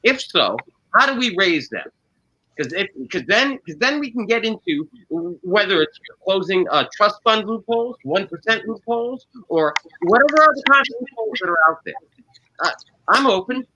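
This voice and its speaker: A man's voice: high-pitched, animated, normal speed, bright, forceful tone, highs cut off, slight background noise. A man hosting a panel discussion, probing the guests and restating their positions. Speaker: panel show host.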